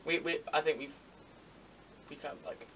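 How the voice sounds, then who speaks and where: Young male co-host, high voice, teasing storyteller, distant mic with light hiss. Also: fairly even intonation, normal speed, sharp tone. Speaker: podcast co-host. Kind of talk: casual chat. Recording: distant mic with faint background noise.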